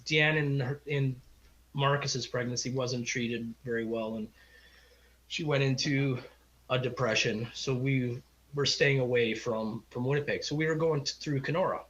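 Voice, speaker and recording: A man's voice: medium pitch, a bit bright. A middle-aged man, a podcast guest, telling a long personal story in a rambling, heartfelt way and acting out the people he quotes. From Canada. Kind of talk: casual storytelling interview. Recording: slightly dull lo-fi audio.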